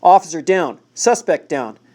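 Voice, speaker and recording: A man's voice: on the high side, moderate pace, darkish tone, lightly acted. A man voicing a big, out-of-shape police officer who speaks in a breathless, urgent, commanding way. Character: winded burly male police officer.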